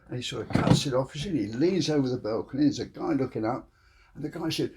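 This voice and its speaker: A man's voice: medium pitch, animated, fast talker, darkish tone, a little hiss or hum. An older man, hosting and telling jokes to camera, chuckling at his own punchlines. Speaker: joke teller, channel host.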